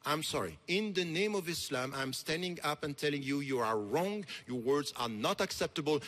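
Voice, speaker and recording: A man's voice: a little high, lively intonation, normal speed, hardly any pauses. A man, giving an impassioned, emphatic conference lecture. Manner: impassioned, emphatic, rising to forceful peaks. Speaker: speaker. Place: large lecture hall.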